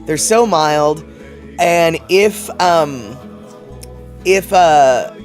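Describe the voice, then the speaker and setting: A man's voice: a little high, expressive, extremely slow, faint music behind. A man hosting a casual livestream, reading chat messages aloud and rambling in a chatty way, laughing often.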